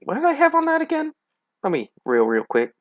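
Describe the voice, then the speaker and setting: A man's voice: very high-pitched, wildly swooping pitch, fairly quick. A man playing a tabletop game, chatting playfully. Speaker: player. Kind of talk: casual tabletop play.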